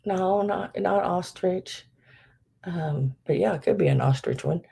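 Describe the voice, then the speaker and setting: A woman's voice: on the low side, unhurried, vocal fry, warm tone, slightly rough. A middle-aged woman hosting a live vintage sale, chatting casually with many fillers and laughing at herself. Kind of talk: casual live-stream selling.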